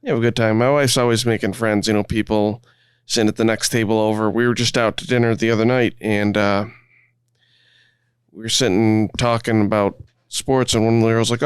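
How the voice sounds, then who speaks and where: A man, a guest, telling stories in relaxed conversation, often restarting his phrases. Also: lowish voice, fairly quick, clean tone, no room sound. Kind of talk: conversational storytelling.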